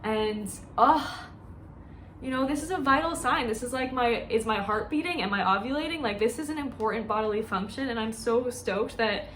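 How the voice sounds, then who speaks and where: A woman's voice: a little high, moderate pace, a bit bright, a little hiss or hum. A woman who works as a dietitian, talking candidly and emotionally in a chatty personal vlog.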